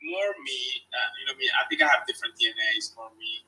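A man's voice: mid-range voice, wildly swooping pitch, quick pace, pushed and bright, far from the mic, poor audio. A man from Tunisia with a Tunisian accent, telling his life story as an interview guest in emphatic, broken English that repeats its phrases.

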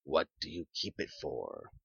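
A man's voice: very deep voice, sing-song, unhurried, gravelly, slightly rough, dry recording, exaggerated voice. A man reading a storybook, voicing an eager and curious older father. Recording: dull lo-fi sound.

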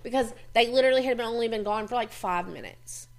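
A woman telling childhood stories in casual chat. She is animated, laughs often, swears freely and acts out what people said. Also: fairly high pitch, quick pace, creaky. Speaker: host.

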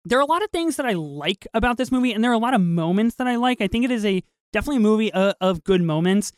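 A man's voice: sits high, rapid-fire, clean tone, dry recording, studio quality. A man co-hosting a casual podcast, talking animatedly about a film, swearing and acting out lines. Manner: animated, swearing, acts out quotes. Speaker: podcast co-host.

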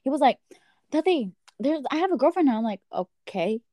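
A young woman telling a friend gossip, her voice fairly high and swinging up and down as she acts out each reply. The sound is dry and close, with no room around it. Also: fairly quick, no echo. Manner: animated storyteller acting out texts. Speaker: friend chatting. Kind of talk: casual chat.

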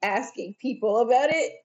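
A woman guest on a podcast in a casual TV recap chat, laughing often and making sharp quips. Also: on the high side, lively intonation, measured pace, a loud crowd. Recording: dull lo-fi audio.

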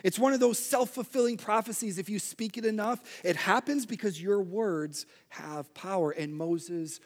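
Young male pastor, slightly high voice, conversational sermon with big animated swings. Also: normal speed. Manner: conversational, animated with acted-out outbursts.

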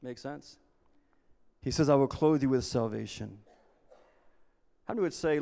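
A man's voice: mid-range voice, a little slow, gravelly, long pauses, warm tone. A man preaching a sermon as pastor, earnest and repeating himself as he restarts phrases. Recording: long reverb of a large hall.

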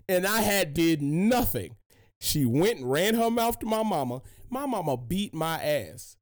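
Animated, profane young man telling stories. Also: high voice, a little slow. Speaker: podcast host. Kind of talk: casual podcast discussion.

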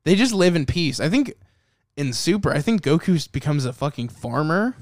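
A man's voice: fairly high pitch, big pitch swings, normal speed, no room sound, studio quality. A man co-hosting a casual podcast chat, rambling and profane, with lots of fillers. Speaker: podcast co-host.

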